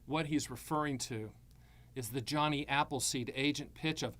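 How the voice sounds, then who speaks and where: Blunt, sarcastic man with a bright voice. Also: mid-range voice, moderate pace. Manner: blunt, sarcastic, animated, jokey. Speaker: annuity advisor hosting a live stream. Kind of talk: live-stream rant and advice.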